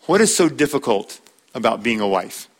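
A man's voice: medium pitch, big pitch swings, normal speed. A man teaching a church class on marriage, talking in a conversational way, repeating words and using fillers.

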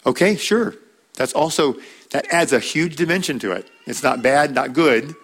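A man's voice: on the high side, moderate pace, fairly bright tone, breathy edge. A man teaching a church class on marriage, talking in a conversational way, repeating words and using fillers.

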